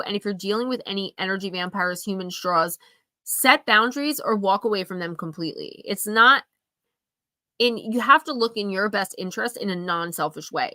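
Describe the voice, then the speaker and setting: Tearful bright-voiced woman reading oracle cards. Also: mid-range voice, no room sound. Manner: chatty, emotional, talks straight to viewers. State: tearful, sniffling. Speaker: oracle card reader on a live stream. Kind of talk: live-stream card reading and chat.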